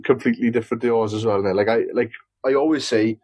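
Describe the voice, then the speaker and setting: A man's voice: medium pitch, fairly even intonation, fast talker, a little mellow, slightly rough, dry recording, poor audio. A man with a South Welsh accent, a podcast guest in casual chat, rambling with many restarts. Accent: South Wales. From Swansea, Wales. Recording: dry close mic.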